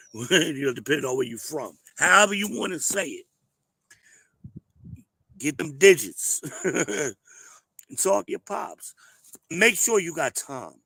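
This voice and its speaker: A man, hoarse as he hosts a casual advice monologue. He talks in an emphatic, preachy way and curses bluntly. His voice is bright and forceful, recorded dry and close. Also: mid-range voice, lively intonation, a little slow, pauses often, no echo. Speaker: advice show host.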